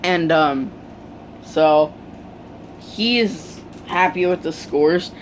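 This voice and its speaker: Slow talker, halting, lots of ums, casual fan-story retelling, faint background hum. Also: mid-range voice, poor audio. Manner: halting, many ums and restarts.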